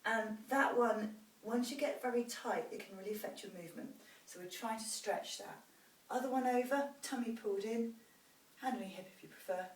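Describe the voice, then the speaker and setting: A woman's voice: medium pitch, distant mic. A woman fitness instructor guiding a post-run stretching routine, demonstrating each stretch as she encourages the viewer. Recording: roomy sound from off-mic with faint noise.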